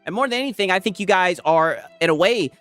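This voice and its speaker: A man's voice: high-pitched, animated, fast talker, a bit bright. A man streaming casual commentary, rambling and mocking, tagging lines with "right?". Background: music playing.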